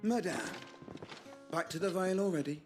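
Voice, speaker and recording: An actor voicing a gruff, nosy male city guard in a video game, calling out in a brusque, familiar way. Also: sits high, moderate pace, music in the background, lightly acted.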